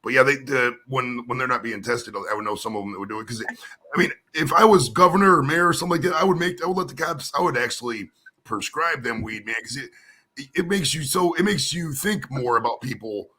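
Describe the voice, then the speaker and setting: A man's voice: medium pitch, animated, a little fast, bright, forceful tone. An American man talking casually on a live stream, rambling and repeating words, often tagging sentences with "man". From United States. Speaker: co-host.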